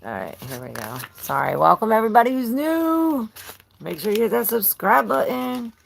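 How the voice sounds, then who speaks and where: A woman's voice: on the high side, big pitch swings, normal speed, vocal fry, a little hiss or hum. A woman giving a live-streamed tarot reading, rambling and chatting with viewers between cards. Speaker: tarot reader.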